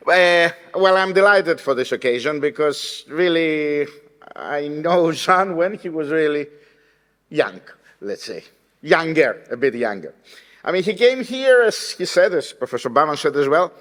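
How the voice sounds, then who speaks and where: A man's voice: a little high, lively intonation, measured pace, fairly bright tone. Man, vote of thanks, jovial, teasing, hesitant, echoing hall. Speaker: colleague giving vote of thanks. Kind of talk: speech of thanks. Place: lecture hall. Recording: long hall reverb.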